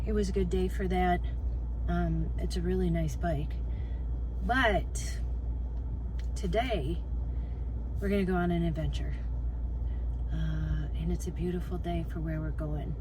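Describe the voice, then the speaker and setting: Chatty woman in her sixties vlogging. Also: fairly low pitch. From Minnesota. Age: 60s. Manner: rambling, relaxed, many fillers. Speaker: travel vlogger. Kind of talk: casual chatty vlog. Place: inside a car on a road trip. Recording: road and engine noise behind.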